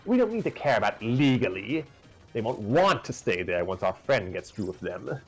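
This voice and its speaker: A man's voice: fairly low pitch, sing-song, normal speed, slightly rough, faint music behind, heavily acted. A man voicing a scheming, snobbish aristocrat who scoffs dismissively. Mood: scornful.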